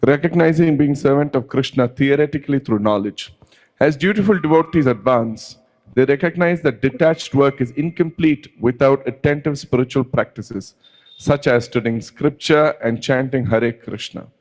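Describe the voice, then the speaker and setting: A man reading passages aloud from a devotional book in a steady, measured way. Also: medium pitch, poor audio. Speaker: text reader.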